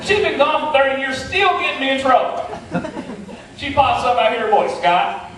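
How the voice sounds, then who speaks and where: A man's voice: very high voice, lively intonation, a little fast, fairly bright tone. A middle-aged man with a West Virginian Appalachian accent, telling a humorous tall tale in a folksy, playful, self-deprecating way. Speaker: storyteller. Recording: echoey hall, mic from far off.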